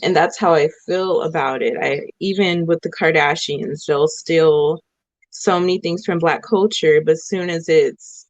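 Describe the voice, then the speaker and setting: Measured woman guest on a muffled call. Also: low-pitched, dry recording. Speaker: panel guest. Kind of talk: casual panel discussion. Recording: dull dry sound.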